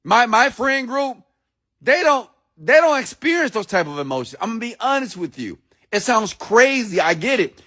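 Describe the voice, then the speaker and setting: A man delivers a motivational message in a sermon-like style, pitched noticeably high for a man. He talks bluntly, swears without hesitation, and fires questions straight at his listeners. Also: big pitch swings, moderate pace, a bit bright. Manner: blunt and preachy, repeats himself for emphasis, swears freely; addresses listeners directly with questions. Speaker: motivational speaker.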